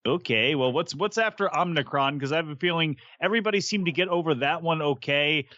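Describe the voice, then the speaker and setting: Wry, chatty man with a bright voice. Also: fairly high pitch, a little fast, no echo. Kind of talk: casual podcast chat. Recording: dry, dull lo-fi sound.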